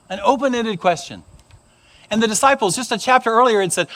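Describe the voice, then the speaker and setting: A middle-aged male pastor preaches with animated storytelling and slips into character voices. His voice sits rather high for a man. It rises and falls in a very lively way. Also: quick pace. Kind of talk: sermon.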